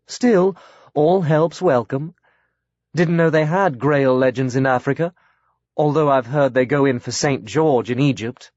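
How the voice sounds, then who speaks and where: A man's voice: medium pitch, unhurried, darkish tone, no echo, natural voice. A man voicing a brusque, aloof older upper-class woman who talks in clipped sentences. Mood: curt. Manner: clipped, drops subjects from sentences. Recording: dry, slightly dull audiobook recording.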